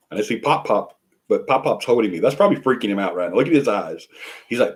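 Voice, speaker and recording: A man's voice: on the low side, expressive, fast. An older man, hosting a paranormal live stream from home and chatting casually with viewers in a rambling, chuckling way. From Alabama. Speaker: paranormal show host. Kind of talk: casual livestream chat.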